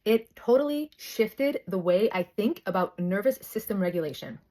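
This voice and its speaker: A woman's voice: medium pitch, normal speed. A woman in her thirties, a bit out of breath, talking chattily into her phone, breaking off and restarting her sentences. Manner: chatty, self-interrupting, animated storytelling. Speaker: host. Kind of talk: casual talk to camera. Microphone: phone held close.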